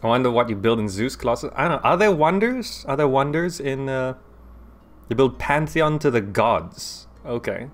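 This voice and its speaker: A man casually commenting as he plays a city-building game, chatty and quick to laugh, recorded on a desk microphone at home. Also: medium pitch, expressive. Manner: chatty, laughs often, talks through his thoughts aloud. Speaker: gaming YouTuber. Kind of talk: casual let's-play commentary.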